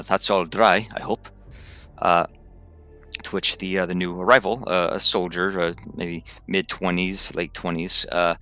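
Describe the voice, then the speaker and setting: A man narrating as game master of a tabletop game, halting and full of restarts. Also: low-pitched, vocal fry, pushed and bright. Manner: halting, many fillers and restarts.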